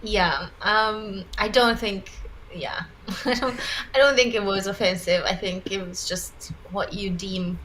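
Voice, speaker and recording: A woman's voice: medium pitch, unhurried, fairly bright tone, a little hiss or hum, poor audio. A woman co-hosting a livestream, talking candidly in casual chat and laughing between phrases. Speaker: livestream co-host.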